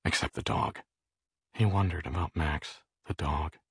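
A man reading an audiobook in a measured, expressive way. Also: a bass voice, gravelly, slightly rough, no echo, studio quality. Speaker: audiobook narrator. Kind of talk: scripted audiobook narration.

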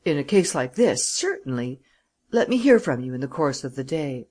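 Read by an audiobook narrator, a calm senior lawyer lays out the facts in a deliberate, measured way. He is steady and authoritative. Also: mid-range voice. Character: composed senior male lawyer. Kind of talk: audiobook character reading.

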